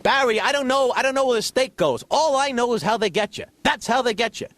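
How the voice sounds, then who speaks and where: A man's voice: very high-pitched, a little fast, fairly bright tone, dry recording, voice pushed up. A man doing a whiny suspicious New York dad. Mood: suspicious, exasperated. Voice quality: whiny, exasperated, sing-song complaining.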